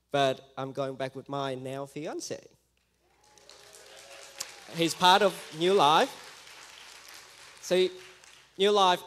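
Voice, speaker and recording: Missionary man telling a lively story. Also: medium pitch. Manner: lively storytelling, acting out quoted voices. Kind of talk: church mission testimony.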